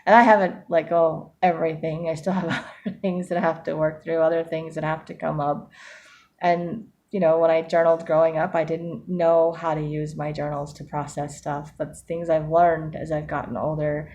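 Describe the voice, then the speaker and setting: A woman talking in a casual personal vlog, reflective and earnest, often laughing softly and restarting her sentences. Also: deep voice, little pitch movement, moderate pace, lo-fi sound. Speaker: vlogger.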